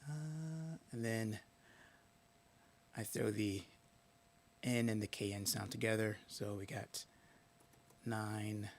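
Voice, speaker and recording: Male streamer, low gravelly voice, casual, mutters words under his breath while thinking. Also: steady tone, slow pace, long pauses, slight background noise. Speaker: live-stream host. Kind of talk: casual live-stream talk.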